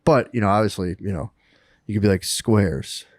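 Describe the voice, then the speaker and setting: A podcast co-host, a man with a lowish voice, tells a story fast in casual chat. He's excited and profane, laughing as he acts out the people he quotes.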